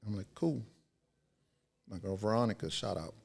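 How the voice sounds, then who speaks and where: Gravelly low-voiced man telling stories. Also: unhurried, a little mellow. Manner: laid-back, slangy, swears, checks in with "right?". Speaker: podcast guest. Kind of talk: casual storytelling.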